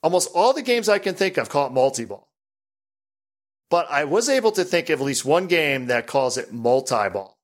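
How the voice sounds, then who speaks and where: A man hosting a casual pinball podcast, chatty and rambling, animated as he talks. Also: fairly high pitch, fairly quick, hardly any pauses. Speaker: podcast host.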